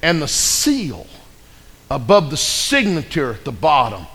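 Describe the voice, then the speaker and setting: A preacher doing a rough-voiced giant lumberjack. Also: male voice, fairly high pitch, huge pitch swings, a little slow, a bit bright, voice pushed down, exaggerated voice. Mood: astonished. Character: huge burly gruff lumberjack man. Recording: echoey hall reverb.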